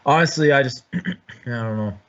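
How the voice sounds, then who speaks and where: A man hosting a sports podcast, chatting casually and rambling, with many restarts and throat clearing. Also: mid-range voice, moderate pace, a bit bright. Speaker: podcast host. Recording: dull lo-fi audio.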